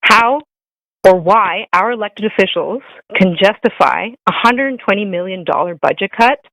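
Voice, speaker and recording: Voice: medium pitch, fairly bright tone, dry recording, rough recording. A speaker giving an indignant prepared public comment at a council meeting, hammering the same point again and again.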